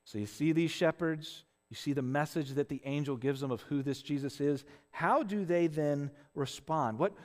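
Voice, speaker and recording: A man's voice: medium pitch, darkish tone, in a large hall. A man preaching a conversational sermon as a pastor, earnest, often restarting phrases and checking in with "right?". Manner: earnest, with frequent restarts and tag questions.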